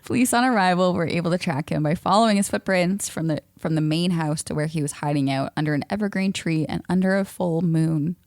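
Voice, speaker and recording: A woman's voice: on the low side, a little fast, few pauses, darkish tone, no echo, clean studio sound. A woman co-hosting a podcast, telling a story in a casual, playful way with frequent laughs. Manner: laughs often, playful asides. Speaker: podcast co-host.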